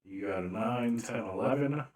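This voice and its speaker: A man narrating a tabletop game as game master, slow and deliberate with frequent fillers. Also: mid-range voice, a little mellow, echoey room.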